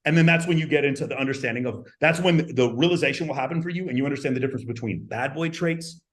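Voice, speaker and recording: A man's voice: medium pitch, rapid-fire, a bit bright. A man hosting a podcast, talking emphatically to his viewers, repeating his points and swearing. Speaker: podcast host. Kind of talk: animated podcast monologue to viewers.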